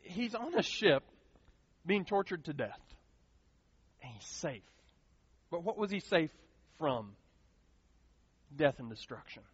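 A man preaching a sermon as pastor, earnest and animated, repeating key phrases for emphasis. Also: high-pitched, dry recording. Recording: dull lo-fi sound, dry.

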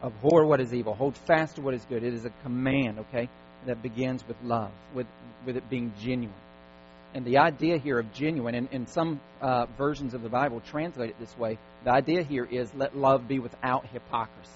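A man's voice: medium pitch, steady tone, normal speed. A man preaching a sermon in a church service, stacking emphatic repeated commands. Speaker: pastor. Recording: dull lo-fi sound with faint mains hum.

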